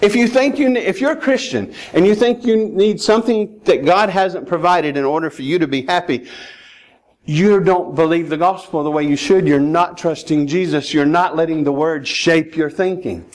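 A man's voice: on the high side, moderate pace, darkish tone. A man preaching a sermon as a pastor, emphatic and urging his listeners directly. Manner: emphatic, rising to urgent pleading.

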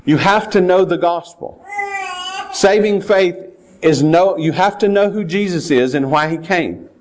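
An earnest man delivering a sermon from the pulpit. His voice sits a little high for a man, and he doubles back on words as he reads and explains the text. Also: unhurried, a little hiss or hum. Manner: earnest, repeats words while reading scripture aloud. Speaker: pastor.

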